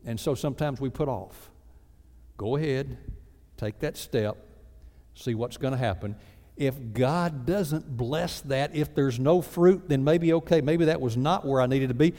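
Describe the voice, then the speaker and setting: A man preaching a sermon as a pastor, lively and acting out mock prayers in other voices. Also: mid-range voice, a little slow. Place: church sanctuary. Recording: reverberant church sanctuary.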